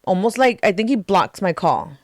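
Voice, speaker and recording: A young woman, co-hosting a podcast and telling a personal story in animated, profane casual chat, acting out quotes. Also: medium pitch, normal speed, no echo. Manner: animated, swears freely, acts out quotes. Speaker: podcast co-host.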